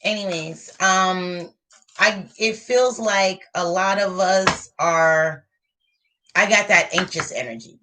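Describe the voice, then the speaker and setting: A woman's voice: fairly low pitch, takes it slowly, noisy background. A woman giving a live tarot reading to viewers, talking in a motivational way and repeating her points for emphasis. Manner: repetitive, motivational, affirming. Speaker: tarot reader.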